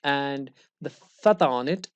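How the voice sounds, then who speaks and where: A woman's voice: rumbling low, a little slow, clean tone, dry recording, muffled recording. A woman teaching a one-on-one recitation lesson, explaining rules patiently and checking understanding with frequent questions.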